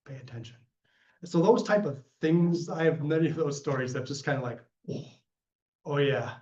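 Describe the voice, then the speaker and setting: Fairly high in pitch and moderately paced, a guest lecturer spins stories from his job during Q&A, performing the voices of those he quotes and often starting over. The lecture room gives a roomy, dull sound.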